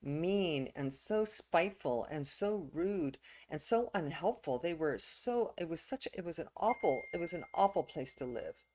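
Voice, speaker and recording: A woman's voice: deep voice, animated, a little slow, few pauses, a little mellow, a little hiss or hum. A woman doing a bitter, complaining wanderer. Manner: complaining, exasperated. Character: bitter male wanderer complaining about his old village.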